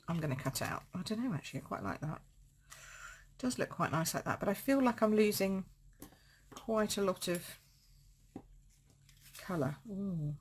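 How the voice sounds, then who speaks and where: A woman's voice: mid-range voice, a little hiss or hum. A woman hosting a live card-making tutorial, chatty and upbeat, laughing at herself as she works. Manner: chatty, upbeat, self-mocking with frequent laughs. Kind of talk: live-streamed craft tutorial.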